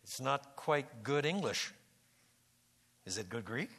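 A man's voice: mid-range voice, expressive, takes it slowly, gravelly, fairly bright tone, breathy edge. A man giving an expository Bible lecture, repeating and restarting words and rising to emphatic peaks. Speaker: Bible teacher.

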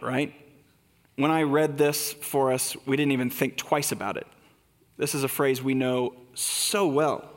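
A man's voice: mid-range voice, long reverb tail. A man preaching a sermon in a conversational way, asking rhetorical questions. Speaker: pastor.

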